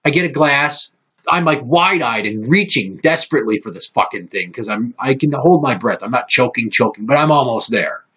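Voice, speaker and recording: A man hosting a podcast, telling profane, animated stories in casual chat. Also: medium pitch, moderate pace, breathy edge, dull audio. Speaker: podcast host.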